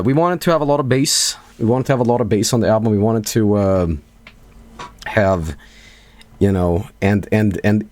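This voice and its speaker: Low-voiced man rambling earnestly. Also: darkish tone, no room sound. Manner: rambling, earnest, stumbling restarts. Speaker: band vocalist. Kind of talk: casual Q&A chat.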